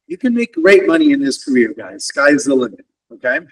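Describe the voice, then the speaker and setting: A wealth advisor, speaking as a guest at a virtual event, gives students a motivational career talk through a distant mic. His mid-range voice is brisk and slightly rough with big pitch swings, and he engages them as "guys," often checking in with "okay?" and "right?"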